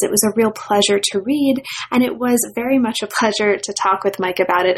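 A woman's voice: mid-range voice, husky. A woman hosting a book interview podcast, introducing the guest in a playful, enthusiastic way. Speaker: podcast host. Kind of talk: scripted introduction then interview.

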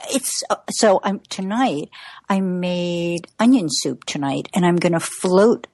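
Give me a woman in her sixties with a lowish voice, chatting with laughs in a dry room. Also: a little slow, a little mellow, no room sound. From United States. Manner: chatty, laughs often, many fillers. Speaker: cookbook author. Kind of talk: interview conversation.

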